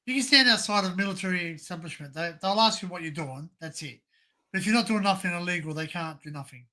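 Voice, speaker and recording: A man with a high, bright, forceful voice chatting on a livestream. He talks in a blokey way, swears freely and keeps calling people mate, all through a video call. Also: fast. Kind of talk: casual livestream chat.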